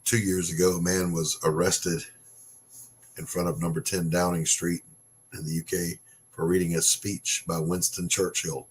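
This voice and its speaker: A man's voice: sits low, level tone, normal speed, a little hiss or hum. A man hosting a casual opinion monologue, ranting bluntly and sarcastically, with swearing. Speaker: podcast host.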